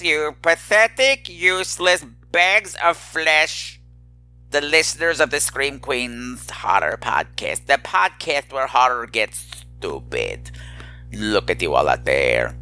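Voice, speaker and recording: A man's voice: medium pitch, pushed and bright, heavily acted. A man voicing a boastful, crude male gargoyle who calls himself lord of the underworld, talking in a theatrical, gloating way and tripping over his words.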